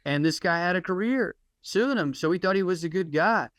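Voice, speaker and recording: A man's voice: high voice, animated, fairly quick, fairly bright tone, no echo. Sardonic man ranting on a podcast. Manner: sardonic, rambling rants. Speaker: podcast co-host. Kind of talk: casual comedic podcast chat.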